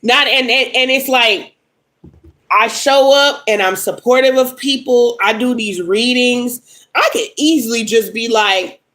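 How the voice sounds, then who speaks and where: A woman's voice: a little high, measured pace, fairly bright tone, low-quality recording. A young adult woman reading tarot on a casual livestream, upset and venting bluntly with lots of swearing at commenters. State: upset and angry. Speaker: live tarot reader.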